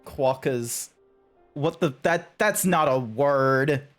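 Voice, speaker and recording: A man chatting casually to his stream chat as a game streamer, animated and joking. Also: on the high side, a little slow, soft background music. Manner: animated, chatty, talks to chat, frequent laughs and restarts.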